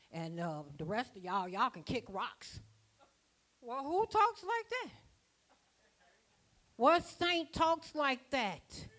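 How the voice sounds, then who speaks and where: A woman preaching a sermon at a church conference, folksy and rhythmic, with plain dialect grammar. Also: medium pitch. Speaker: apostle preaching.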